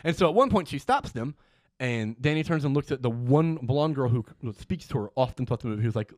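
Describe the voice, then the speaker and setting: A man talking quickly in a casual film recap, his voice mid-pitched and close to a dry mic. He retells scenes with animation and briefly acts out the characters' lines. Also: expressive, a little mellow, dry recording.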